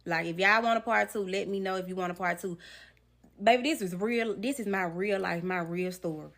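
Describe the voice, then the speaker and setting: A young woman vlogger telling a personal story straight to camera, animated and emotional, speaking directly to her viewers. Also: medium pitch, brisk. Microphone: phone or camera facing the speaker.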